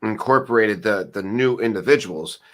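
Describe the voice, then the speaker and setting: A man in a casual group chat who pauses and searches for words as he explains. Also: fairly low pitch.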